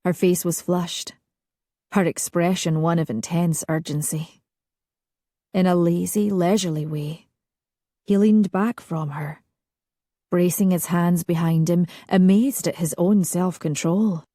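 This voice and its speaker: Slow, husky woman narrating an audiobook. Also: fairly low pitch, steady tone, no echo, studio quality. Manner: soft, intimate, unhurried reading. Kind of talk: scripted romance audiobook narration.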